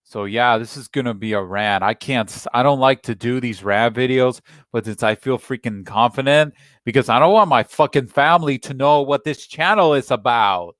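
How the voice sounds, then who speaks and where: A man's voice: medium pitch, fairly bright tone, no room sound, clean studio sound. A young American man ranting angrily at home, swearing often and breaking off mid-sentence to restart. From United States. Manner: heated, profane, halting with restarts. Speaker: channel host. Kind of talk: angry solo rant.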